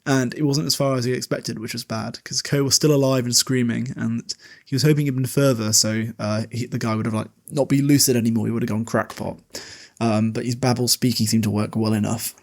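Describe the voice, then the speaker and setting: A man hosting a podcast who recaps a novel in a loose, casual way. He laughs easily, and he drops fillers and paraphrased quotes between passages he reads aloud. His voice sits at an ordinary middle pitch. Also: steady tone, fairly quick. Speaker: podcast host. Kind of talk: casual book recap mixed with reading aloud.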